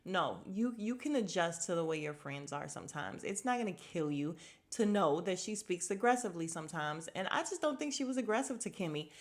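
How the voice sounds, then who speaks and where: A woman with a slightly low voice talks through a reality-show episode in a casual podcast recap. She is opinionated and chatty, and she slips into quick impressions of what the cast said. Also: expressive. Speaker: podcast host.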